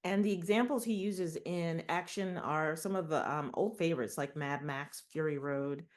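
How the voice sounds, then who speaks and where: A woman co-hosts a relaxed book conversation. Her voice sits low for a woman, and she talks easily, often with a light laugh. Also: moderate pace. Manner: easygoing, light laughs between remarks. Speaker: podcast co-host. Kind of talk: casual book discussion.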